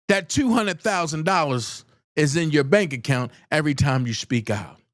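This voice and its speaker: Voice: mid-range voice, lively intonation, moderate pace, no room sound, studio quality. A live-stream host giving blunt, profane commentary and repeating pointed rhetorical questions for emphasis.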